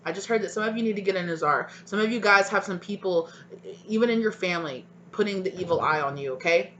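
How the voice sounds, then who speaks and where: A woman's voice: medium pitch, quick pace, fairly bright tone, muffled recording, slight background noise. A woman giving a tarot reading to her viewers, encouraging and emotional, tagging her sentences with "right?" and "okay?". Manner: spiritual, emotional, sometimes near tears. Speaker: tarot reader.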